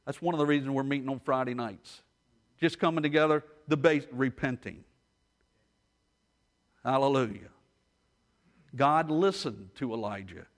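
Storytelling preacher man, reverberant hall. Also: mid-range voice. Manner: storytelling preacher, swings between hushed and rising intensity. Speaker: pastor. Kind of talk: sermon.

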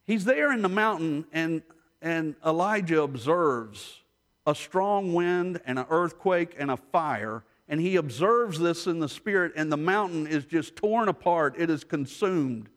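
A man preaching a sermon as pastor, telling stories and moving between hushed asides and rising intensity. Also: on the high side, expressive, a little slow. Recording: long hall reverb.

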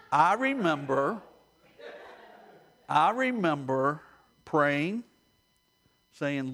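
Animated preaching man, somewhat high voice. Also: measured pace, long pauses. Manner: animated storytelling, addresses the listeners directly. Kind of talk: sermon.

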